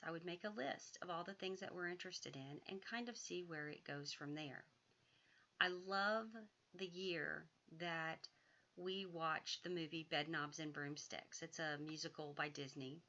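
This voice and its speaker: A woman, an author and educator, giving homeschool advice in a measured, thoughtful way, sometimes drawing phrases out. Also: low voice, pushed and bright, muffled recording.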